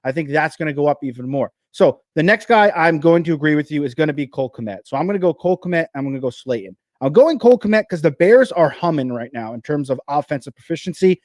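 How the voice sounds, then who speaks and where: Jersey guy hosting fantasy football live, fast energetic talk, kinda high voice, dry sound. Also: dry recording. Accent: New Jersey. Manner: energetic, fast, restarts often. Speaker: fantasy football show host.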